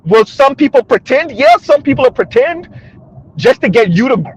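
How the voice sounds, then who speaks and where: A man's voice: very high voice, very animated, normal speed, slightly rough, dull audio. A man hosting a casual commentary vlog, talking mockingly to his viewers, laughing often and asking "right?" over and over. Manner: addresses viewers directly. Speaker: commentary channel host.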